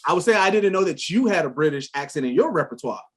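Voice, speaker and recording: A man hosting a casual interview, relaxed, nodding along and asking long, rambling questions. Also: fairly high pitch, quick pace, breathy edge. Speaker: interview host.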